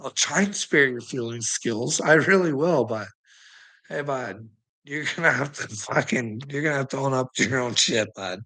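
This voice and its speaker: A man's voice: medium pitch, moderate pace, bright, forceful tone, poor audio. A man delivering a profane, rambling rant, swearing constantly and breaking into laughter between phrases. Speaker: online commentator.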